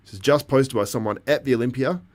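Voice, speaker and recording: A man's voice: medium pitch, fast. A man hosting a casual live stream, chatting with viewers and reacting to events as they happen. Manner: chatty, reacting to the live feed and chat, laughs often. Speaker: livestream host.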